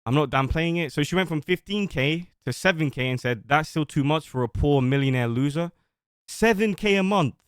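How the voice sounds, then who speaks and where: A man's voice: fairly high pitch, fairly quick, few pauses, smooth, no room sound, clean studio sound. A man on a livestream reading out old messages and defending himself, rambling at length. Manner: defensive, rambling, reads screenshots aloud. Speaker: streamer.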